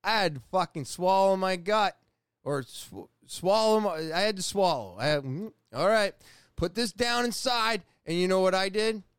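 A man in his forties from New England telling a personal story in a casual, profane, animated way, often restarting his sentences. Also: high-pitched, moderate pace, smooth, no echo, studio quality. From New England, USA. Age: 40s.

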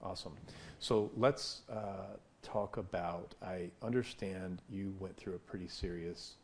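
Low-voiced male podcast host. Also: steady tone, unhurried, a little mellow, slight background noise. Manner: brief supportive prompts. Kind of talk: interview questions.

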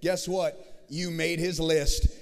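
A man preaching a sermon as pastor, swinging from shouted declarations to hushed, intimate passages and calling out to the congregation. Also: a little high, little pitch movement, takes it slowly, long reverb tail. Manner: dynamic preaching, swings from shouting to hushed tones, rallies the crowd. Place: large church hall.

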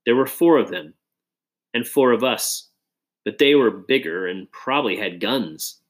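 A man reading a children's adventure story aloud in an expressive, dramatic way. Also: fairly low pitch, measured pace. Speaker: audiobook reader. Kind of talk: storybook narration.

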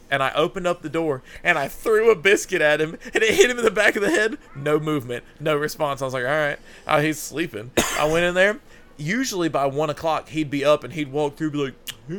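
A man's voice: on the high side, fairly bright tone, smooth. A young man casually telling a funny, profane story on a podcast, laughing often. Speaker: podcast host.

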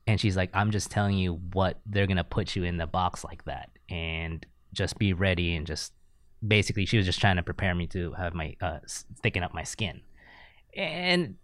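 A man's voice: deep voice, normal speed, a bit bright, dry recording. A man from the United States hosting a podcast interview, laid-back, telling stories and laughing often. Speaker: podcast host. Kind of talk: casual interview chat.

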